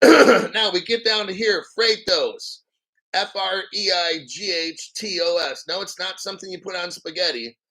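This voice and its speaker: Bright-voiced profane crypto host. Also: male voice, sits high, unhurried, low-quality recording. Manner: profane, rambling, frequent throat-clearing; sarcastic asides and jokes. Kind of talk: profane ranting commentary while reading an article.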